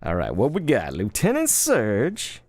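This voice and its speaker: A man in his thirties chatting casually while opening trading cards live, laid-back and quick to get excited. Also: mid-range voice, dry recording. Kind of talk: live card-opening stream chat.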